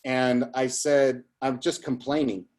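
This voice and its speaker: A man's voice: mid-range voice, flat delivery, unhurried, a little mellow. A man speaking as a guest business coach, giving an emphatic motivational talk with a repetitive, storytelling manner.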